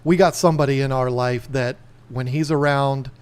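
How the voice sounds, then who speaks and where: A man's voice: medium pitch, moderate pace, clear, resonant tone. A man from Northern Virginia hosting a podcast, chatting casually and laughing often. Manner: animated storyteller, laughs often, slips into voices. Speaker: podcast host. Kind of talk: casual livestream chat.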